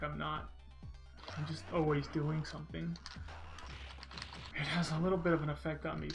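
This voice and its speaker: A man's voice: fairly high pitch, creaky, a bit bright, low-quality recording. A man streaming a video game and chatting casually, rambling and reading viewers' messages aloud. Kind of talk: casual gameplay commentary.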